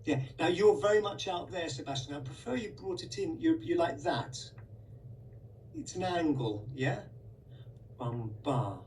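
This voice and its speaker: A man's voice: fairly high pitch, lively intonation, normal speed, darkish tone, recorded from a distance, slight background noise, poor audio. A man giving a one-on-one conducting lesson, direct and coaxing, singing rhythms in syllables to show the beat. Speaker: conducting teacher.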